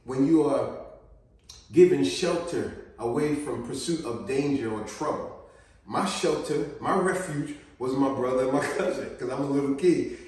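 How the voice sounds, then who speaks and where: A man telling a childhood story in an animated, slangy way, laughing often, recorded in a very echoey room away from the mic. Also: mid-range voice, moderate pace, far from the mic. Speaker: vlogger.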